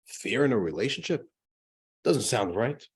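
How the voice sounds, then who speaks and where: A man's voice: medium pitch, very animated, normal speed. A male rabbi teaching an adult class. He talks conversationally, asks rhetorical questions and slips in jokes.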